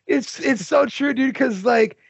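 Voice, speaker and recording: A man on a casual film podcast with a high, lively voice and a gravelly, husky edge. He talks animatedly, swears and fills his speech with "like". The sound is dry and lo-fi. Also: a little slow, dry recording. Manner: animated, swearing, lots of "like" and "dude". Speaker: podcast co-host. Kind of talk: casual film review chat.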